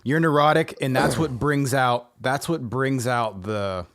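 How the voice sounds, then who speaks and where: A man co-hosting a podcast chats casually in a mid-range, slightly bright voice, taking his time. Laid-back and teasing, he gives his friend mock-professional advice.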